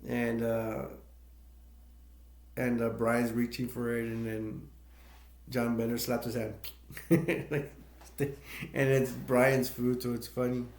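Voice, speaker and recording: A man's voice: mid-range voice, flat delivery, takes it slowly, long pauses, a little mellow. A man casually retelling a film's plot as a movie reviewer, rambling and laughing between points. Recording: echoey room.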